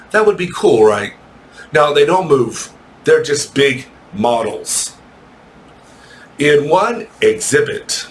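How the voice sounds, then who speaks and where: A man teaching an English lesson to children, reading aloud slowly, spelling words and making joking asides. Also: a little high, a bit bright, slight background noise.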